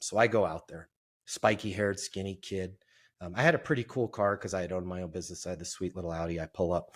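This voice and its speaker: A middle-aged man and sales trainer telling a lively, self-deprecating story as a guest in an interview. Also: sits low, fast talker.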